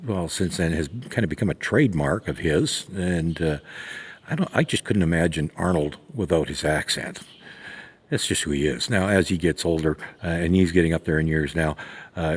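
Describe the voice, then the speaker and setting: A man's voice: deep voice, husky. A man giving a casual spoken lesson on horse training, talking in a rambling, folksy way with plenty of fillers and restarts. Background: horses nearby.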